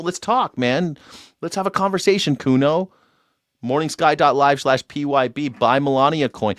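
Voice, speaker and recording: A man's voice: mid-range voice, no room sound, studio quality. A man hosting a live call-in show, talking in a mocking, sarcastic way and laughing often. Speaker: livestream show host.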